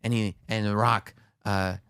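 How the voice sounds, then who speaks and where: A man's voice: fairly low pitch, smooth, no room sound, studio quality. A man co-hosting a podcast, eagerly retelling events blow by blow and acting out the quoted lines. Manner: animated storyteller, acts out quotes with dramatic pauses. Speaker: podcast co-host. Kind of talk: casual podcast chat, excitedly retelling a wrestling show.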